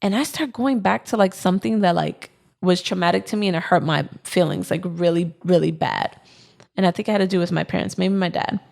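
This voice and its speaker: Young woman podcast co-host, low gravelly voice, loose rambling storyteller. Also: brisk, a little mellow. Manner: rambling, full of "um" and "like". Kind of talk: casual storytelling.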